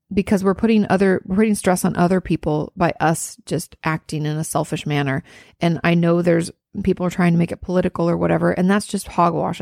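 Earnest woman with a gravelly low voice. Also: no echo, clean studio sound. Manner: warm reassuring, earnest, swears casually. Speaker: therapist answering a listener. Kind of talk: advice podcast.

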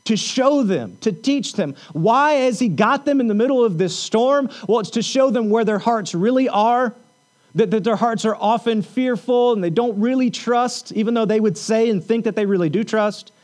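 A man with a high voice preaches a sermon to his congregation. He talks earnestly, repeats phrases for emphasis, and reads scripture aloud between his points. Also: normal speed, darkish tone. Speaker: pastor.

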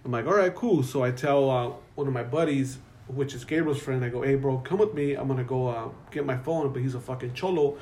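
A young man, telling a profane, animated story as a podcast co-host. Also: mid-range voice, fairly quick. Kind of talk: casual storytelling.

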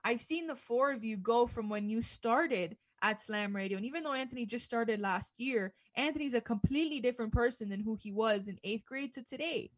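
Young female radio regular, higher pitch, earnest and encouraging, dry studio mic. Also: a little fast, few pauses, dry recording, rough recording. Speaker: former student radio host. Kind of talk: heartfelt casual chat on radio.

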